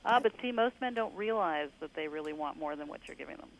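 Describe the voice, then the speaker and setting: A woman's voice: low voice, animated, fast talker, slight background noise, poor audio. Assured female guest giving advice. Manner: assured, coaching. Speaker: tantra workshop guest.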